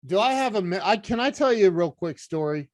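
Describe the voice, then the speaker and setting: A middle-aged man, a podcast guest, telling a story in an animated, earnest way. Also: high voice, a little fast, no echo, studio quality. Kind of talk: casual storytelling chat.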